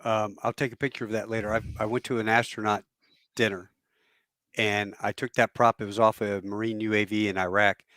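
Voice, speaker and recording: A man's voice: fairly low pitch, brisk, no echo, clean studio sound. A man in his fifties, a podcast host and former Marine pilot, telling rambling anecdotes and acting out the people he quotes. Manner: rambling, animated storyteller who acts out quotes. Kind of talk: casual chat, anecdotal storytelling.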